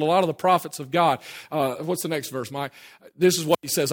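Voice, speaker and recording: A man preaching a sermon, emphatic and hurried, swinging between loud declarations and low asides. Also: slightly rough. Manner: hurried, with restarts and asides to a helper. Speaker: pastor.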